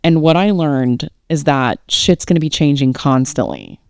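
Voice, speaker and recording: A woman's voice: low voice, sing-song, normal speed, a little mellow, clear, resonant tone. A woman talking casually in a podcast conversation, blunt and emphatic, coaching with freely dropped swear words. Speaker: guest, tarot reader.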